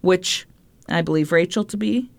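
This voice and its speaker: A woman co-hosting a podcast, chatting casually and correcting herself mid-thought. Her voice sits somewhat low for a woman. The delivery is relaxed and conversational. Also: moderate pace, gravelly. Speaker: podcast co-host. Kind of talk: casual chat.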